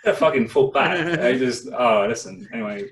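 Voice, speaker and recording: A man's voice: medium pitch, moderate pace, far from the mic, slight background noise. Young man, sweary storyteller. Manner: swears a lot, animated storytelling. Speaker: podcast co-host. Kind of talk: casual storytelling chat. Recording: echoey room, away from the mic.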